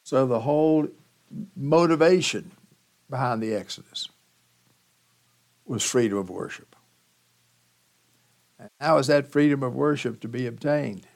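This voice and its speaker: A man preaching a sermon as pastor, teaching slowly and emphatically with dramatic pauses. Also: medium pitch, vocal fry, a little mellow.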